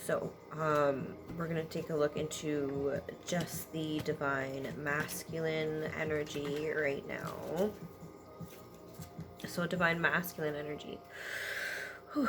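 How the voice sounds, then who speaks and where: Woman, spiritual reading, unhurried, halting, sighing, apologetic, noisy home recording. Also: deep voice, steady tone. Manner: slow, halting, with sighs and apologetic asides. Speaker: intuitive energy reader. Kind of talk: spiritual energy reading to viewers. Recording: noisy background ambience.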